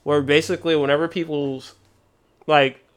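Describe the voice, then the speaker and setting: A young man chats casually and spins stories in a laid-back, slangy way. His voice sits a little higher than most and sounds smooth and clear. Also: level tone, normal speed. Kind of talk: casual chat.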